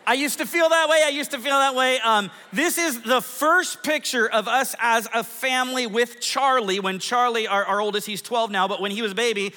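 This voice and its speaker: Pastor, forties, high voice, playful storytelling sermon in a big hall. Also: male voice, normal speed, few pauses. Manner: lively, self-mocking storytelling with audience polls. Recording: long hall reverb.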